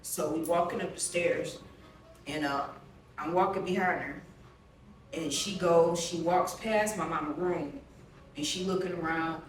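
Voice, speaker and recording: Interviewed for a documentary, a woman tells a personal story bluntly and profanely, rambling with lots of fillers. Her fairly low voice is a little slow with frequent pauses, picked up by a distant mic in a very echoey room with slight hiss or hum and soft music underneath.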